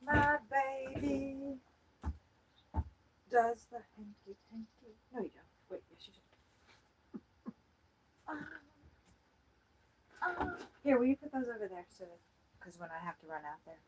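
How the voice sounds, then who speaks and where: A woman's voice: medium pitch, sing-song, normal speed, pauses often, background noise. A woman hosting a casual birdwatching livestream from inside an RV, chatty and playful with frequent giggles. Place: indoors in an RV.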